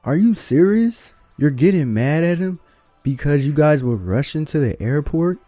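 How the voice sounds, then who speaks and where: Male reaction host, lecturing and opinionated, mellow voice, soft music behind. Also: a little high, expressive, moderate pace. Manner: blunt, lecturing. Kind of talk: opinionated commentary.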